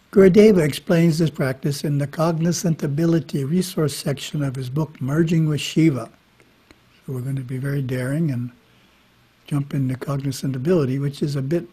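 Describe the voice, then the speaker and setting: A man giving a spiritual talk, reading scripture in a measured way with brief casual asides. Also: on the high side, warm tone, breathy edge. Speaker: monastery teacher. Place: monastery. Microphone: webinar microphone.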